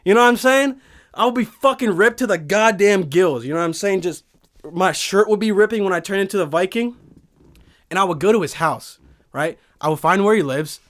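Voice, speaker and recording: A young man hosting a podcast from a studio, telling a profane, animated comic rant full of swearing. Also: high-pitched, brisk. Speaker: podcast host.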